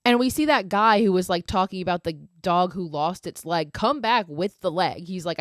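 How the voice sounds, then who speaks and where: A woman's voice: on the low side, animated, normal speed, hardly any pauses, no echo, clean studio sound. Chatty, cursing young woman recapping a film. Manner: chatty, swears a lot, lots of "like". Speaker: podcast host. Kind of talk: casual movie recap.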